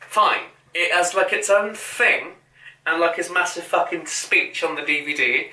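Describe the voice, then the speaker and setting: A man's voice: a little high, normal speed. A young man co-hosting a casual fan podcast, speaking bluntly and offhandedly with plenty of swearing. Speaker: podcast co-host. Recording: bright, roomy, from off the mic.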